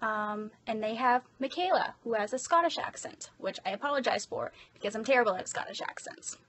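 Chatty Irish woman with a slightly high voice. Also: lively intonation, fairly quick, fairly bright tone. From Ireland. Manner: chatty and self-deprecating. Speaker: hobby voice actor. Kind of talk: casual voice-acting vlog.

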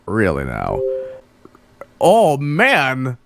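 A man's voice: mid-range voice, wildly swooping pitch, drawn-out words, gravelly, fairly bright tone, slight background noise. A man doing profane, mocking let's play commentary on bad games, laughing often. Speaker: streamer.

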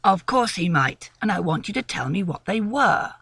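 Well-spoken young gentleman, persistent and coaxing, dry close read by a woman. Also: medium pitch, sing-song, moderate pace, vocal fry, slightly rough, dry recording, pitched below the performer's own voice, heavily acted.

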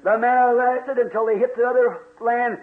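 A man's voice: extremely high pitch, fairly even intonation, normal speed. A man preaching a fiery sermon in a church, folksy and full of exclamations. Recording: tinny echoey old church tape.

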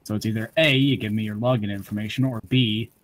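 During a game stream, a young man who games and edits video banters casually with a friend, swearing and laughing wryly. He talks fast in a lowish, steady tone.

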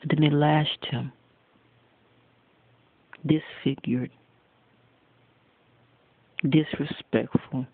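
A man preaching a sermon, addressing his listeners directly and accusingly at a deliberate pace. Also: a little high, little pitch movement. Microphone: phone. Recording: tinny phone recording, dry.

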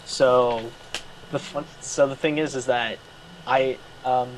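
A man's voice: medium pitch, steady tone, takes it slowly, a little hiss or hum, rough recording. A young man from from there, chatting casually and rambling through restarts. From Quebec, Canada. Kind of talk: casual chat.

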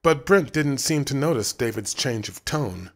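Man narrating a story, expressive reading. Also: medium pitch, normal speed. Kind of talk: audiobook narration.

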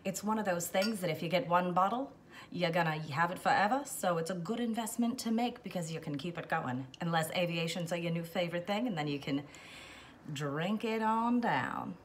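A woman with a low voice hosts a home cocktail show in a relaxed, chatty way. She plays around with a put-on continental accent that comes and goes. A faint hiss sits under the recording. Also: normal speed. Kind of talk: casual how-to chat.

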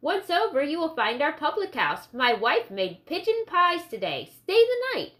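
A woman voicing a squat, sunburned ferry boatman in an audiobook reading, making a persuasive pitch. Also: big pitch swings, normal speed, a bit bright.

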